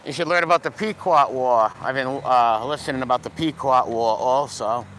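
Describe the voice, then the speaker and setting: A middle-aged man from Providence, speaking at a moderate pace in a mid-range, fairly bright voice with a Rhode Island accent, walks his dog along a city street. He livestreams a casual, profane, rambling chat, swinging between hellos and rants, while faint traffic from passing cars fills the background.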